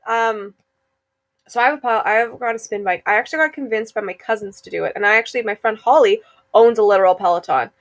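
A young woman, co-hosting a podcast in casual chat, talking fast and laughing often. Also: on the high side, dry recording. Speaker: podcast co-host.

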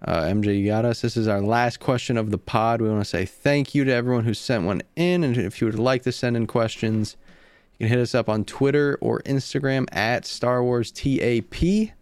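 A man's voice: medium pitch, normal speed, a little mellow, clear, resonant tone, dry recording. A man hosting a podcast, chatting casually with a hyped, talkative manner. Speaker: podcast host. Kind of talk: casual chat.

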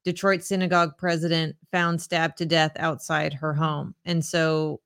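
A podcast co-host in casual chat, introducing segments in a brisk, matter-of-fact way. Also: mid-range voice, level tone, a bit bright, smooth.

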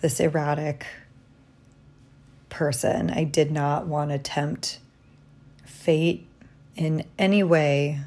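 A woman talking through a personal diary vlog from a hotel room, reflective and halting, tired after little sleep. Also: sits low, fairly even intonation. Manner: reflective, halting, soft-spoken. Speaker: vlogger.

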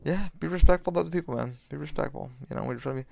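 Gravelly-voiced man hosting a chatty podcast. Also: a little high, rapid-fire, dark tone, no room sound. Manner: loose and chatty, swears freely, many fillers and restarts. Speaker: podcast host. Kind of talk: casual rambling podcast chat.

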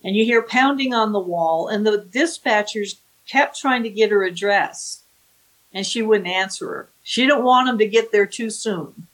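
A woman's voice: mid-range voice, unhurried, a bit bright, rough recording. A woman, an author, recounting a true crime case in a vivid, dramatic way, acting out the quotes. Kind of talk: storytelling with acted-out quotes.

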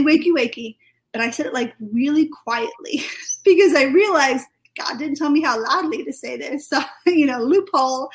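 A British woman, a podcast guest, telling a personal testimony in a chatty, lively way full of fillers. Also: high-pitched, low-quality recording. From United Kingdom.

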